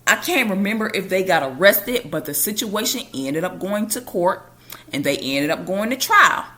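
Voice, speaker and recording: A woman's voice: mid-range voice, animated, normal speed, pushed and bright. A woman hosting a podcast, telling a personal story in a casual, conversational way. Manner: casual and conversational, with loose colloquial grammar.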